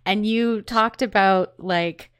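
A woman's voice: mid-range voice, slow, fairly bright tone, clean tone. A woman, a singer-songwriter guest, telling stories in casual chat, laughing often and leaning on "like". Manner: laughs often, storytelling, says "like" a lot. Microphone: USB condenser microphone.

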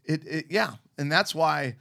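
A man's voice: a little high, a little slow, creaky, bright, forceful tone. A man co-hosting a podcast, telling stories in a playful, joking way. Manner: playful, jokey storyteller. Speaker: podcast co-host. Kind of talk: casual chat.

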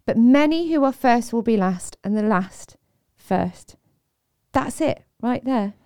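A woman co-hosting a casual faith discussion, earnest and quick to laugh. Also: on the high side, expressive, a little mellow, clean tone, no room sound, clean studio sound. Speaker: podcast co-host.

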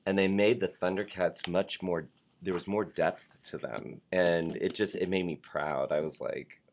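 A man's voice: low-pitched, steady tone, measured pace, a little hiss or hum. A man hosting a casual live talk show, chatting loosely and reading viewer postcards aloud.

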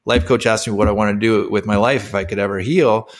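A man's voice: lowish voice, steady tone, fast talker. A man in his forties, a former athlete turned coach, telling his personal story as an interview guest, candid and emotional, with many fillers.

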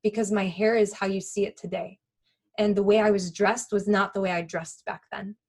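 A woman speaks candidly about something that happened to her, in an earnest and halting way. She restarts her sentences often and leans on fillers as she goes. Her voice sits at a middle pitch for a woman. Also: steady tone, darkish tone. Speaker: guest telling a personal story. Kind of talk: candid personal storytelling.

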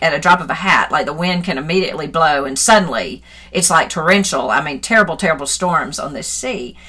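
A middle-aged woman and Christian author giving an earnest personal devotional talk into her phone, reflective and at times animated. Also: on the low side. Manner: earnest and reflective, grows animated and laughing when retelling a story.

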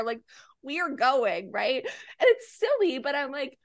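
A woman chatting as a podcast guest, animated and quick to act out the things people said. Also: sits high, dry recording. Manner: animated, acts out quoted dialogue. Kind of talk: casual podcast conversation.

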